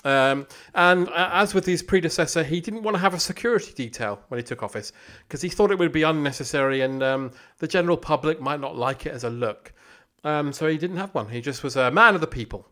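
A man's voice: on the high side, fairly quick, pushed and bright. A man hosting a casual history podcast, joking and laughing as he tells the story. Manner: jokey, laughs often, stumbles over words. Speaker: podcast host.

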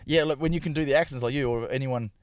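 Fast-talking comedian. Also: male voice, medium pitch, no room sound, studio quality. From Australia. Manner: quick, rambling, acts out voices in his stories. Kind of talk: casual podcast chat.

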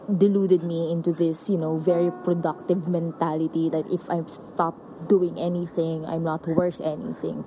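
A woman's voice: fairly low pitch, warm tone, a little hiss or hum, poor audio. A Filipino woman co-hosting a podcast, talking earnestly and slipping between English and Tagalog. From Philippines. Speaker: podcast co-host. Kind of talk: reflective podcast talk.

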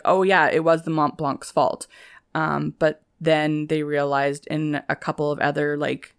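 Brief: young woman podcast co-host, low-pitched, keen and gushing over historical facts. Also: smooth. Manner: eager, gushing about historical details. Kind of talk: casual history podcast chat.

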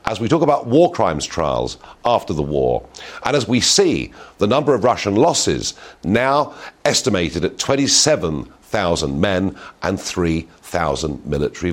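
A middle-aged man hosting an opinionated talk show, asking emphatic rhetorical questions. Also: fairly low pitch. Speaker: host.

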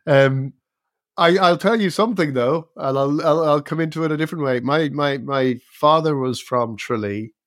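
A middle-aged Irish man co-hosting a chat podcast, relaxed and meandering with plenty of fillers. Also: on the high side, normal speed, no room sound, studio quality. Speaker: podcast co-host. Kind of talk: casual chat.

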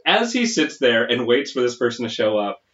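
A podcast co-host chatting casually through an episode recap, quick to agree and chime in with short replies. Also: mid-range voice, sing-song, a bit bright. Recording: echoey room, muffled lo-fi sound.

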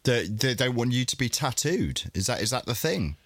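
A man co-hosts a podcast in easy chat, his pitch moving a lot. He sounds laid-back and throws in jokes, and the recording is dry and close. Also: big pitch swings, moderate pace, a bit bright, no echo. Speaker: podcast co-host. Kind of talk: casual chat.

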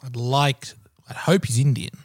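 A man's voice: mid-range voice, fairly even intonation, measured pace, noisy background. A man answering quiz questions with wry, self-deprecating jokes. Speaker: quiz contestant. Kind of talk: casual podcast chat.

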